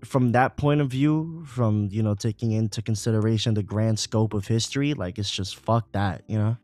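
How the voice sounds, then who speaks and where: A man's voice: lowish voice, moderate pace, dry recording, soft background music. A man co-hosting a podcast, talking casually about politics with lots of fillers and swearing. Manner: profane, animated, frequent fillers. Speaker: podcast co-host.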